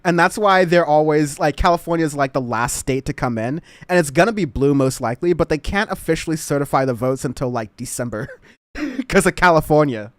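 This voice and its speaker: A man's voice: on the high side, animated, a little fast, dry recording, studio quality. A man hosting a casual political commentary show, rambling and laughing as he talks. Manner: rambling, laughing, self-interrupting. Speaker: show host.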